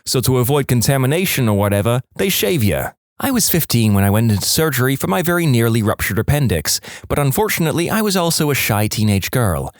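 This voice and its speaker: A man narrating submitted stories aloud for a podcast, with an expressive delivery. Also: medium pitch, fast talker, hardly any pauses, no echo, studio quality. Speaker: story narrator.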